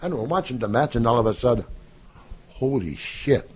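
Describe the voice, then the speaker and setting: Older man telling lively stories. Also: medium pitch, very fast, husky. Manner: animated storyteller who acts out quoted lines and laughs often. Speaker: guest. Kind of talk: casual storytelling in an interview.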